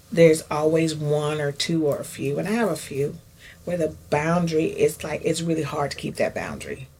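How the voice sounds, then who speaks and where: A woman's voice: sits low, husky. A woman support worker in an interview, speaking candidly and reflectively in a conversational way.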